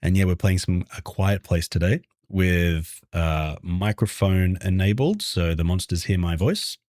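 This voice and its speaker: A lower-pitched Australian man chatting on a livestream, playful and warm toward his viewers. He often keeps his voice hushed and quiet, and his voice sounds dry and close, with no room around it. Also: measured pace, no echo. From Brisbane, Australia. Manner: keeps his voice hushed and low so the game won't hear him. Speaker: variety streamer and game developer. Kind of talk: casual livestream chat with viewers.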